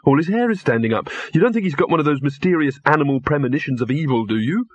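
A man playing a nervous, earnest young man in a storybook reading, asking anxious, quick questions. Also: on the high side, very animated, slightly rough, dry recording, highs cut off, voice pushed up. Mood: uneasy.

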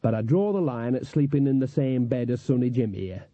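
A man's voice: medium pitch, lively intonation, brisk, mellow, no echo, natural voice. A man voicing a cheerful, earthy old female witch who talks in a chatty, cheeky way with rustic grammar. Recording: dull, dry lo-fi recording.

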